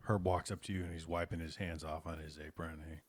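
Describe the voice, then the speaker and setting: A man's voice: low voice, little pitch movement, fast, no echo. A man narrating a tabletop game as game master, casual and loose with fillers.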